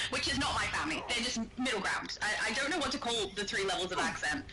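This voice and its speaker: A woman's voice: on the high side, lively intonation, quick pace. An Australian woman co-hosting a game stream, chatting casually with lots of laughter and fillers. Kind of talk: casual chat while gaming. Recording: loud music behind.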